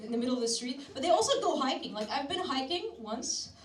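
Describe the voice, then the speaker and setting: Crude deadpan stand-up comedian woman. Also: sits high, fast talker, background noise. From Syria. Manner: crude, deadpan jokes with mocking put-on voices. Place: comedy club stage before a live audience. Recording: roomy club sound from a distance, loud crowd laughter.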